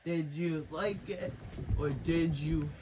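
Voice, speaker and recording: A man's voice: a little high, fairly even intonation, slow pace, background noise. A man telling a rambling, crude, mock-dramatic improvised story.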